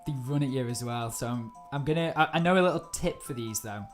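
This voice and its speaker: A woman chatting through a live gameplay stream, easily startled and quick to laugh. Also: very deep voice, faint music behind. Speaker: game streamer.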